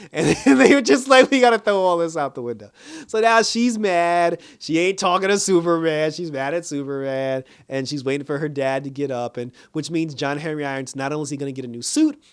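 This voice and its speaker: Animated man recapping a show. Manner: animated, laughs often, acts out quotes in higher voices. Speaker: reviewer. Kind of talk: casual TV episode recap.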